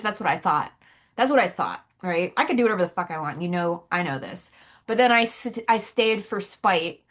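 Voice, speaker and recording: A woman's voice: mid-range voice, a bit bright. A woman with a sore throat chats on a podcast as co-host. Her storytelling is candid and peppered with swearing, loose and conversational. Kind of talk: casual chat.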